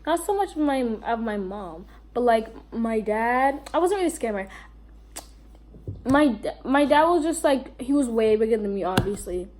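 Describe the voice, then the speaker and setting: Young woman, New York accent, high voice, rambling storytime, lots of fillers. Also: animated, moderate pace, darkish tone. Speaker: vlogger. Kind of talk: storytime vlog.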